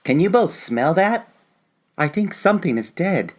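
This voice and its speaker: A man's voice: high-pitched, sing-song, measured pace, voice pushed up, exaggerated voice. A man doing a nervous young grandson. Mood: worried.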